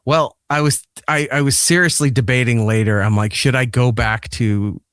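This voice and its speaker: Profane, animated man telling a story. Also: mid-range voice, moderate pace, no room sound, studio quality. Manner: profane, animated retelling that acts out quoted lines. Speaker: podcast host and father. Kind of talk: casual storytelling chat.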